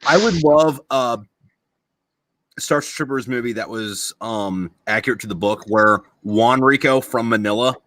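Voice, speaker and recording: A man hosting a podcast in casual chat, excitable and rambling, swearing freely. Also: medium pitch, unhurried, no room sound. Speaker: podcast host.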